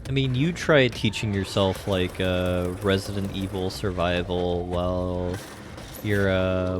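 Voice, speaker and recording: A man's voice: low voice, fairly even intonation, slow pace, noisy background. A man streaming a video game live, chatting casually and rambling with lots of fillers. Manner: rambling, filler-heavy musing. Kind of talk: casual gameplay commentary.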